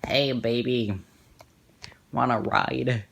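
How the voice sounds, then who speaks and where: A man's voice: mid-range voice, fairly even intonation, drawn-out words, creaky, a bit bright, slight background noise, exaggerated voice. A man putting on a mocking, exaggerated voice of a sleazy, pushy male preschool teacher. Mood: sleazy taunting.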